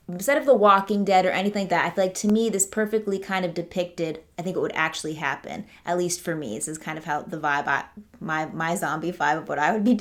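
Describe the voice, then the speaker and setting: A woman with a slightly low voice hosts a casual movie review vlog. She talks in an enthusiastic, rambling way, full of fillers and restarts. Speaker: movie reviewer, channel host.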